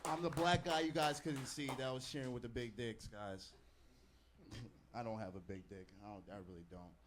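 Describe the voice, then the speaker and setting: A man's voice: medium pitch, steady tone, moderate pace, background noise. A man doing a stand-up comedy set, joking profanely about himself and talking straight to the crowd. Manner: profane, self-mocking banter with the crowd. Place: comedy club stage.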